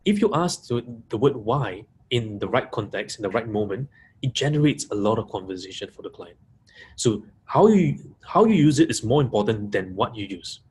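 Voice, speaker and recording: A man's voice: fairly low pitch, expressive, moderate pace, a little mellow, breathy edge. Emphatic man teaching coaches. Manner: emphatic, repeats key points, stresses single words. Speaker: coaching trainer. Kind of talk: webinar teaching talk. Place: live audience room.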